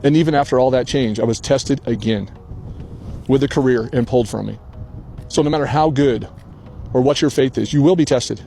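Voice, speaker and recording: A man's voice: mid-range voice, brisk, vocal fry, mellow, faint music behind. Tearful older man, earnest and heartfelt. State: crying. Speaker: channel host. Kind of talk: emotional personal vlog. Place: outdoors on a hillside rock.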